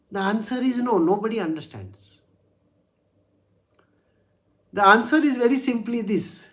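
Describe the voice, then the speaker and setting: A man's voice: high-pitched, expressive, brisk, a bit bright. A man, a spiritual teacher telling a religious story in a chatty way, with frequent chuckles and "you know" asides.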